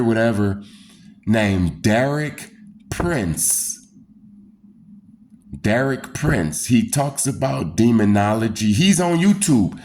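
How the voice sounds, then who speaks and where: A man with a lowish voice tells his own story in a slow, drawn-out way. He talks loosely and repeats himself. He breaks into the screams and voices he describes. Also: slight background noise. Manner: animated, acts out screams and quoted voices; loose, repetitive spoken phrasing. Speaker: storyteller recounting a personal experience. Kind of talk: casual first-person storytelling.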